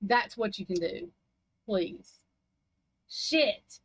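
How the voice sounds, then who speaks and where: A woman's voice: medium pitch, sing-song, extremely slow, husky, low-quality recording. A woman chatting casually on a livestream in a rambling, blunt, heavily profane way. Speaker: livestream chat participant. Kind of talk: casual chat.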